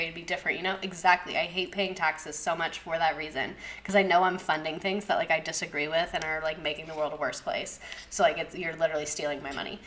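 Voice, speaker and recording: A woman's voice: fairly low pitch, a bit bright. A young woman teacher giving a casual history lesson, chatty and sarcastic, swearing and drifting into tangents.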